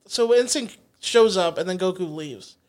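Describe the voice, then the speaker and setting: A man with a notably high voice co-hosting a comedy podcast. He answers in short dry quips and adds jokes to the banter. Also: animated, moderate pace. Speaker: podcast co-host. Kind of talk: casual comedic chat.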